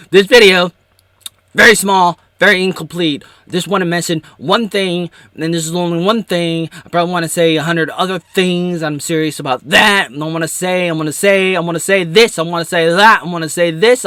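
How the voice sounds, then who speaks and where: A man rambling playfully through a solo vlog, doubling back and contradicting himself. His voice is high and bright, recorded dry and close. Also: clean tone, dry recording. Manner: rambling, self-interrupting, playful. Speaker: YouTuber.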